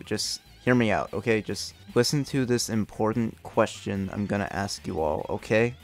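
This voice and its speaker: A man's voice: lowish voice, vocal fry. A young man reviewing his own old video game reviews in a candid, self-critical, casual way, swearing often. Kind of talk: casual retrospective commentary.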